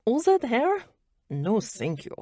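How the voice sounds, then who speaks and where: A woman's voice: on the high side, huge pitch swings, slow pace, dark tone, no room sound, studio quality, pitched above the performer's own voice, exaggerated voice. A woman voicing a flirty, tipsy French woman with a thick French accent who teases boldly. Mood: teasing. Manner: teasing, bold and uncensored.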